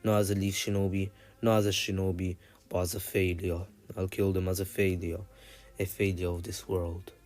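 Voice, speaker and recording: A man's voice: sits low, level tone, normal speed, darkish tone, faint music behind, lightly acted. A man voicing a despairing young male ninja who calls himself a failure, speaking bitterly and repeating himself.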